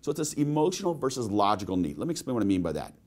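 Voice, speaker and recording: Male sales trainer for a webinar: animated pitch, storytelling delivery, peppered with rhetorical questions. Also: rapid-fire. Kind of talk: webinar presentation.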